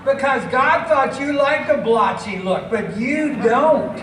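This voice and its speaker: Stand-up comic, American man, high pitch, emphatic, some shouting, far off in a noisy space. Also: animated. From United States. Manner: drawn-out, emphatic delivery, bursts of shouting. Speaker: stand-up comedian. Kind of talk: live stand-up routine. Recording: echoey venue, mic from a distance, ambient noise.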